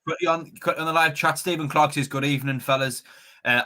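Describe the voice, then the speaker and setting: Quick, bright-voiced lad. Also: male voice, a little high, steady tone. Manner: chatty and upbeat, stumbles and repeats words. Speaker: fan channel host reading the live chat. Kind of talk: casual live-stream chat.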